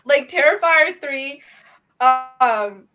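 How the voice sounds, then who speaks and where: A woman co-hosting a podcast in casual chat, chatty and quick to laugh. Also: high-pitched, lively intonation, pushed and bright, low-quality recording. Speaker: podcast co-host.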